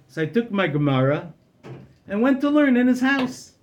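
High-voiced male rabbi telling a story. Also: sing-song, normal speed. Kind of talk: oral storytelling.

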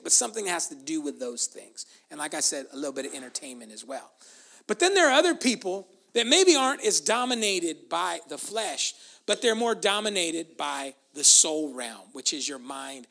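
Animated, bright-voiced preacher. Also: mid-range voice, normal speed, gravelly. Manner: animated and emphatic, drops to soft asides. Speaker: pastor. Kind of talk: sermon.

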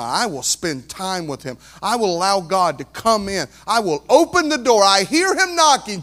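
A man preaching a sermon in an animated way, swinging from quiet asides to near shouting. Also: high voice, normal speed, few pauses. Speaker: pastor.

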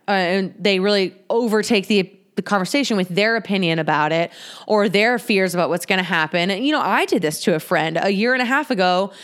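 A young woman telling personal stories in a candid, casual monologue, swearing freely and leaping high in pitch when she quotes herself. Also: a bit bright, clear, resonant tone. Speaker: podcaster sharing personal stories. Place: home in Chicago.

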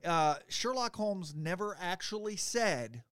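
Higher-voiced, teasing podcast man. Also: sing-song, measured pace, a bit bright, clear, resonant tone, no echo, studio quality. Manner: playful, teasing, giggly. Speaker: podcast co-host. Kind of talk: casual comedic chat, reading trivia.

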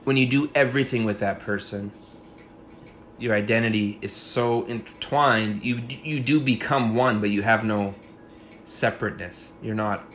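A man's voice: fairly low pitch, moderate pace, a bit bright, slight background noise. A man hosting a casual podcast, giving blunt, profane relationship advice in a frank, chatty way. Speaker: podcast host. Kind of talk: casual chat.

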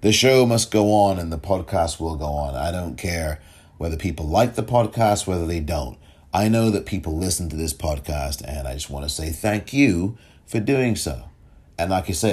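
Here the podcast host speaks in an extremely low, somewhat mellow voice with a breathy edge. Alone at the mic, he delivers commentary packed with emphatic rhetorical questions, sometimes tripping over his phrasing.

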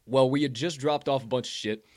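A young man from Illinois, telling stories in casual chat, swearing heavily and bursting out loudly when excited. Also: medium pitch, fairly quick, no room sound, clean studio sound. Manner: animated storyteller, heavy swearing, loud bursts when excited.

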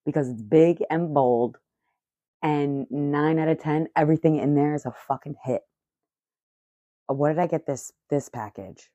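A middle-aged woman vlogging in casual chat, excitable, profane and rambling. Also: deep voice, no echo, muffled recording.

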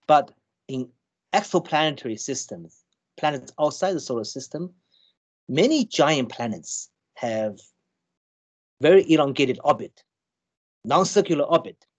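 Halting man explaining with many restarts. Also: fairly high pitch, lively intonation, breathy edge. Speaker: scientist guest. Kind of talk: conversational explanation.

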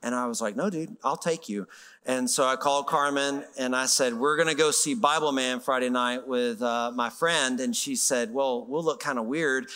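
A man's voice: medium pitch, normal speed, clear, resonant tone, in a large hall. A middle-aged man preaching in a conversational, storytelling way, acting out the voices of people in his stories. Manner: animated, conversational, acts out quoted voices. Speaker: pastor. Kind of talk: sermon storytelling.

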